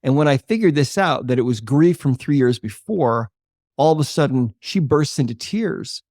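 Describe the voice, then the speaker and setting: An older man, a holistic chiropractor, explaining his work and telling a patient story in a podcast interview with a measured, earnest delivery. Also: mid-range voice, animated, darkish tone, no room sound, clean studio sound. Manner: earnest, measured explainer who slows for emphasis.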